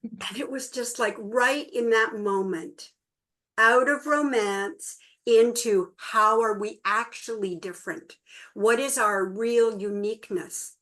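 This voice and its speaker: Woman, middle-aged, workshop co-host, storytelling, lively quoted voices. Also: a little high, takes it slowly. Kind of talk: relaxed talk to a small group.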